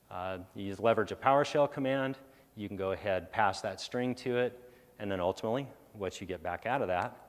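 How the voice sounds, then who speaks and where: A man giving a technical conference talk, with sarcastic, animated asides and a habit of thinking aloud with fillers and restarts. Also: lowish voice. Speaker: conference presenter. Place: large conference hall. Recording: echoey conference hall.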